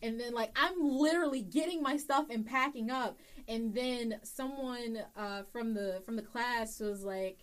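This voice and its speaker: A woman's voice: on the high side, measured pace, hardly any pauses. A young woman, a wrestler, telling a story about her training in a casual interview, acting out what people said. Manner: animated, acts out quotes in story.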